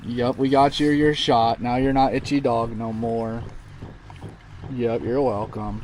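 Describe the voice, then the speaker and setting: A man's voice: mid-range voice, steady tone, slow pace, a little mellow, slight background noise, rough recording. A man chatting casually on a live stream, rambling and talking baby talk to his dog.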